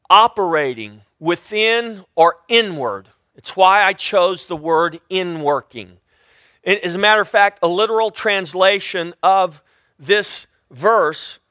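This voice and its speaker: A man teaching the Bible in a sermon, with a loud, emphatic delivery and frequent restarts. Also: high-pitched, no echo, studio quality.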